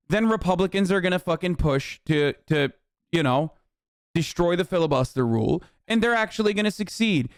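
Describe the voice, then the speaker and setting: A man's voice: fairly high pitch, clear, resonant tone, dry recording, studio quality. A man streaming to his chat, ranting angrily about politics with lots of swearing and sarcasm. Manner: profane, heated, sarcastic. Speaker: streamer reacting to news. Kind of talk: angry political rant to chat.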